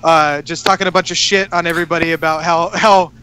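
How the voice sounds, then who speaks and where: A man with a high, bright and crisp voice talks in a loose, casual way. He recaps a story in long rambling runs, full of swearing and fillers. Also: steady tone, brisk. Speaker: podcast co-host. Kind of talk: casual chat.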